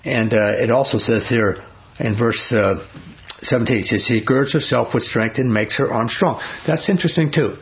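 A man's voice: medium pitch, normal speed, muffled recording. A man preaching a sermon in a folksy, storytelling way, with frequent restarts and repeated asides.

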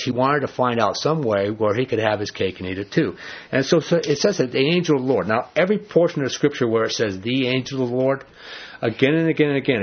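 A man preaching a sermon, retelling a scripture story with earnest, joking, animated storytelling. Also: mid-range voice, husky. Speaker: pastor. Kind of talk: expository sermon. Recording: dull lo-fi recording.

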